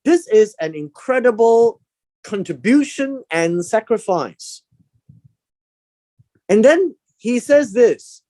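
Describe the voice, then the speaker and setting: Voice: medium pitch, expressive, slow pace, pauses often, mellow, dry recording. A Bible teacher giving a verse-by-verse lesson, explaining word meanings and repeating key words for emphasis.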